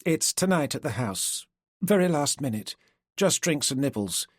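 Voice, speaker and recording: A man's voice: medium pitch, sing-song, moderate pace, husky, no echo, studio quality. A man reading an audiobook voices a charming, scheming woman who speaks in a flirtatious, persuasive way. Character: charming, scheming woman feigning English poise.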